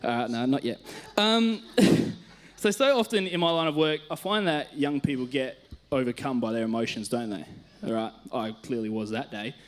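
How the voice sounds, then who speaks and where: A man's voice: medium pitch, normal speed. An Australian man, a youth worker, telling stories in a casual sermon on a church stage, chatty and self-mocking, laughing often.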